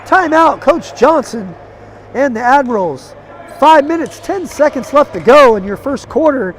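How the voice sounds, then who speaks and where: A man calling basketball play-by-play in quick, clipped calls that climb with the action. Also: very high voice, animated. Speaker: play-by-play commentator.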